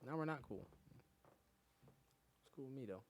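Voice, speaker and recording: A man's voice: mid-range voice, moderate pace, no room sound. A man hosting a casual comedy podcast, telling profane stories and acting out quotes. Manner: animated, profane storytelling with lots of acted quotes. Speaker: podcast host.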